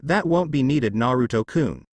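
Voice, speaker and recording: A man voicing a cool, scheming ninja who talks with quiet assurance. The lines move with lively pitch, recorded dry and close. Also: moderate pace, no room sound. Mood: calm.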